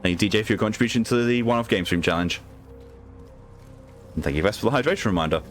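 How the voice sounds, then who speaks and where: A man streaming a video game, chatting casually in an animated way, swearing and reading game text aloud. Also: on the low side, fast talker, soft background music. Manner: animated, swearing, laughing often.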